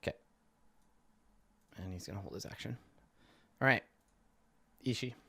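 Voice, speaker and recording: A man's voice: lowish voice, moderate pace, vocal fry, sharp tone, slightly rough. A man running a tabletop game as game master, who often hedges his rulings and laughs. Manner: hedging, laughs often, rules talk.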